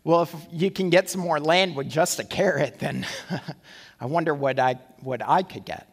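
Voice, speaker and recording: A man's voice: fairly high pitch, normal speed, in a large hall. A preacher putting on a pompous wealthy man. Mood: scheming. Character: boastful wealthy man seeking favor.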